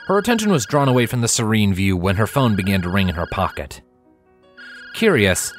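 A man reading a story aloud as narrator, telling it expressively. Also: lowish voice. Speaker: fanfiction reader. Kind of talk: scripted narration.

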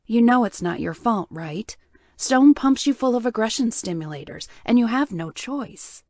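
A woman's voice: a little high, expressive, moderate pace, a little mellow, no room sound, clean studio sound. A woman voicing a stubborn, caring young woman who tends a wounded patient in an audiobook, firm and reassuring. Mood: insistent. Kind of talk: audiobook character voice.

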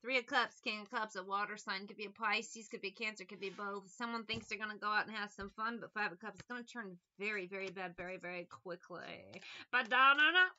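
A woman's voice: mid-range voice, brisk, few pauses, pushed and bright, dull audio. A woman, a tarot reader chatting casually, rambling, laughing often and breaking into song. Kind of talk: casual chat. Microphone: phone.

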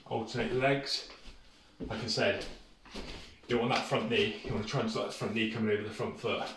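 A man's voice: fairly low pitch, fairly even intonation, brisk. Brit man coaching a home workout. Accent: British. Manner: casual, encouraging, loose phrasing. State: slightly out of breath. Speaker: fitness instructor. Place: room at home. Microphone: far camera mic. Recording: roomy, distant, noisy home video.

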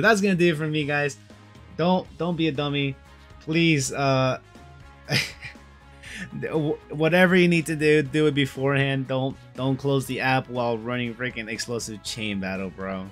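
A man's voice: medium pitch, a bit bright. A young man giving casual, slangy commentary on a mobile game, frustrated and peppering his talk with bro and dude.

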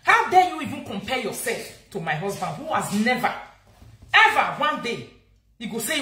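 A woman's voice: a little high, big pitch swings, normal speed, sharp tone, roomy sound. A woman with a Nigerian accent, scolding and insulting someone in a heated live-video rant. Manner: angry, insulting, repetitive scolding. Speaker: social media vlogger.

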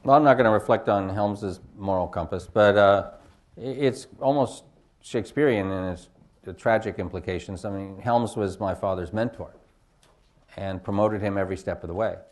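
A man's voice: lowish voice, normal speed, darkish tone. A film director on a panel, answering reflectively and searching for his words with many fillers. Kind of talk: panel discussion.

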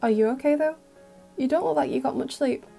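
A woman voicing an earnest, kind teenage boy in an audio fic reading, speaking softly and sincerely. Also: high-pitched, a little fast, creaky, soft background music.

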